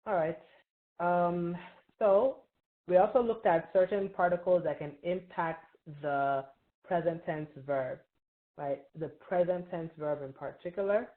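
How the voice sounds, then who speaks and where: A woman with a low voice leads a grammar review class, pausing often to ask "right?" and draw answers from her students. Her voice comes through a narrow, tinny, phone-like line. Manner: patient, quizzes students, frequent "right?" checks. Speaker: Arabic teacher. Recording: tinny phone-like online call.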